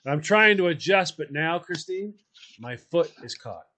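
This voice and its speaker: A man with a somewhat high voice tells a comic story on a podcast. He acts out the quotes and laughs as he goes. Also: lively intonation, moderate pace, pushed and bright, slight background noise. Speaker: podcast host. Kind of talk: casual storytelling.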